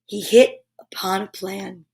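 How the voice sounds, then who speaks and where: A woman's voice: medium pitch, flat delivery, slow, creaky, darkish tone. A woman hosting a children's story time, reading a picture book aloud with enthusiastic, chatty asides. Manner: enthusiastic, chatty asides between read passages.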